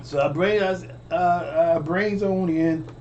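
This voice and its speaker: A man's voice: a little high, slow, a little mellow, dull audio, a little hiss or hum. A man telling a personal story in a casual way, stammering, repeating phrases and calling out to his listeners. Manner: stammering, repetitive, addresses audience directly. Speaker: storyteller vlogger.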